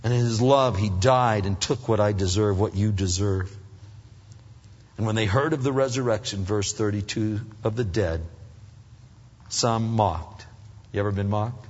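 A man preaching a sermon with emphatic swings between loud rising appeals and hushed earnest passages. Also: lowish voice, a little slow. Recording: dull recording in a reverberant hall.

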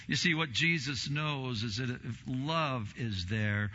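Male pastor, bright edgy voice, animated sermon delivery, slightly dull recording. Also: slow. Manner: animated preaching, acts out quoted voices with big swings in pitch and volume.

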